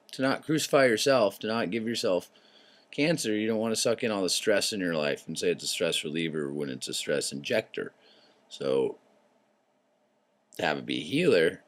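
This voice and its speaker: A man hosting his own show, talking in a loose, rambling monologue that drifts into tangents, swearing freely and clearing his throat often. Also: low-pitched. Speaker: show host.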